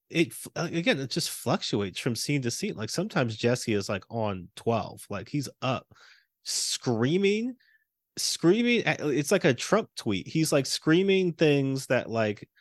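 A man's voice: mid-range voice, big pitch swings, unhurried, dry recording, clean studio sound. A man co-hosting a casual movie review podcast, mocking line readings and laughing often. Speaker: podcast co-host.

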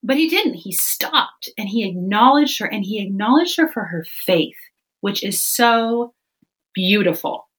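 A woman on a faith podcast, talking fast and animated and acting out the voices she quotes. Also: mid-range voice, slightly rough, low-quality recording. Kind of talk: casual faith podcast chat.

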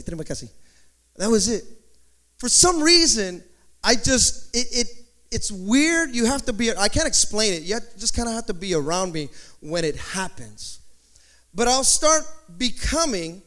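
A pastor preaching a sermon in an animated, conversational way, with joking asides. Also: male voice, sits high. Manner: slips into playful put-on accents in quotes.

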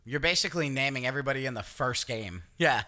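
A man's voice: mid-range voice, expressive, fast, pushed and bright. A man co-hosting a casual podcast chat, rambling, laughing and dropping into silly voices. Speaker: podcast co-host.

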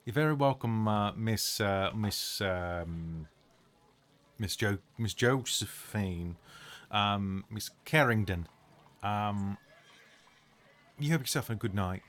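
A man's voice: lowish voice, takes it slowly, long pauses, fairly bright tone. A man voicing a chatty working-class male cab driver who rambles and stumbles over names. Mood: chummy.

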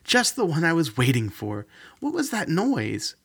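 Man voicing a woman patient, confused, high-pitched, audiobook. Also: wildly swooping pitch, a little slow, fairly bright tone, slightly rough, full character voice. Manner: high and bewildered.

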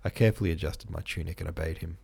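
A man reading a book aloud in a deliberate storytelling manner, now and then laughing at his own slips. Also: low-pitched, steady tone, creaky, darkish tone, breathy edge. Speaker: reader.

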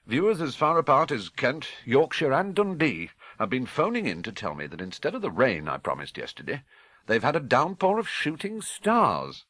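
A man reads a cheery British weatherman, breezy and jokey, voice bouncing up with energy. Husky grain, dry close recording. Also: mid-range voice, huge pitch swings, normal speed, a bit bright, dry recording, voice pushed up. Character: cheery chatty male TV weatherman.

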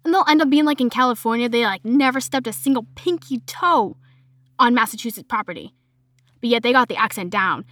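A woman's voice: fairly high pitch, lively intonation, fairly quick, a bit bright, no echo. A young adult woman with a Boston accent, chatting casually as a podcast host and filling her talk with "like". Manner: chatty, heavy use of "like" fillers. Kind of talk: casual chat monologue.

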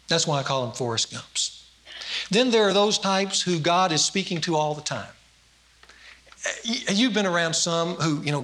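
High, bright-voiced man preaching a sermon. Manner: storytelling with acted quotes, rising emphasis.

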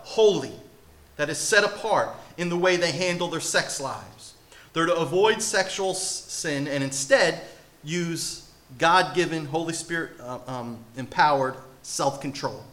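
A man's voice: mid-range voice, a bit bright. A man in his thirties preaching a sermon with emphatic rhetorical questions. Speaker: pastor.

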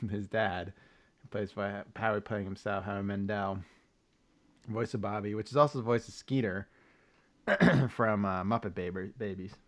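A man co-hosting a podcast, rambling casually through a recap with loose swearing. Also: fairly low pitch. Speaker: podcast co-host. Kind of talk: casual chat.

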